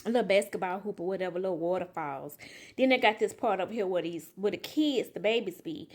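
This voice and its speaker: Woman, casual storyteller, animated, acts out each quoted line. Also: mid-range voice, brisk. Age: adult. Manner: animated, emotional retelling with quoted dialogue. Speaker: vlogger, mother.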